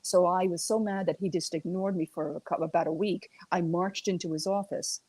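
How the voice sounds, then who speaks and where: Woman, low-ish voice, animated storyteller, laughs a lot, dry close sound. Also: fairly quick, dry recording. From United States. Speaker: regular correspondent. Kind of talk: casual chat.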